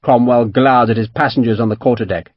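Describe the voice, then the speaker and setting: A man narrating an audiobook in an expressive storytelling manner. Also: medium pitch, fast, no echo, lo-fi sound. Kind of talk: scripted narration.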